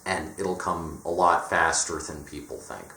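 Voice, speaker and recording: A man's voice: sits low, unhurried, creaky, pushed and bright, slight background noise. A young man in a casual, profane monologue, blunt and mocking, often slipping into sarcastic quoted voices. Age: young adult. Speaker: vlogger. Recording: echoey room.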